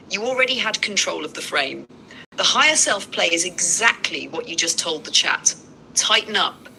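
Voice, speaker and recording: A woman calmly coaching a livestream host, steady and matter-of-fact. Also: fairly low pitch, vocal fry, slight background noise, rough recording. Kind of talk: calm motivational coaching.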